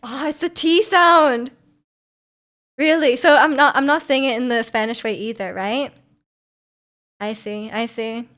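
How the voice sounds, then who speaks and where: Young woman streamer with a high voice and a slightly sore throat, rambling and chatty with viewers. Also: measured pace, long pauses, fairly bright tone. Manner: chatty, rambling, frequent ums and restarts. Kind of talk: casual chat reading viewer comments.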